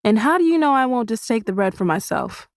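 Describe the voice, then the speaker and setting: A woman voicing a gruff, weary male prisoner in an audiobook, speaking tersely and bluntly. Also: fairly high pitch, sing-song, a little fast, dry recording, studio quality, pitched above the performer's own voice.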